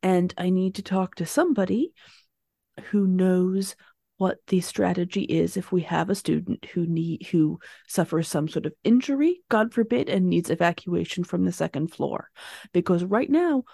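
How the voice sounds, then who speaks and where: A woman's voice: on the low side, normal speed, creaky, mellow, dry recording. A woman playing a tabletop game, speaking in character in a firm, insistent, businesslike way. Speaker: player. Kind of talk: in-character tabletop role-play.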